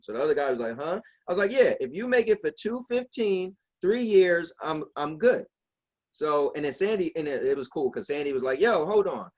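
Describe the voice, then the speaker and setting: A man co-hosting a podcast, telling a long story in casual chat and acting out the people he quotes. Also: on the high side. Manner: animated, acts out quoted voices. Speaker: podcast co-host.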